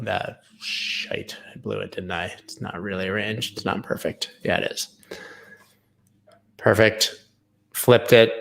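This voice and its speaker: Low gravelly guy going over charts on a live stream, sarcastic and rambly. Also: bright, forceful tone. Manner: rambling and sarcastic, goes off on tangents, swears, talks to chat. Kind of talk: casual live-stream commentary.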